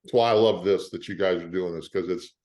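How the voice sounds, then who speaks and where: Low-voiced older man telling lively stories. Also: brisk. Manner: animated storyteller who acts out the quoted lines of others. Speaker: actor, interview guest. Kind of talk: casual interview storytelling.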